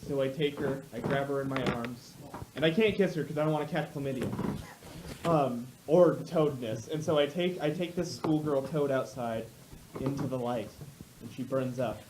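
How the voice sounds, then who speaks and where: A man improvising a comic story among friends, animated and quick to jump into other voices. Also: background noise. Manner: animated, jumps into high voices for quotes.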